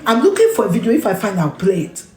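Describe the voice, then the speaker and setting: A woman's voice: medium pitch, sing-song, fast talker, dark tone, reverberant. A woman with a Ghanaian accent delivering an impassioned, scolding monologue, repeating her points and mixing in local phrases. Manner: scolding, emphatic, repeats phrases, switches into Twi and Ga. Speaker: media personality ranting on camera.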